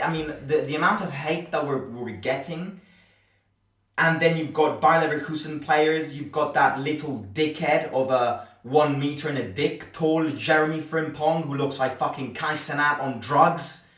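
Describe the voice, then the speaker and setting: A man's voice: fairly high pitch, unhurried, a bit bright, recorded from a distance. A man hosting a football fan channel, giving a heated, blunt post-match reaction rant, swearing and repeating himself. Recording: roomy, a little off the mic.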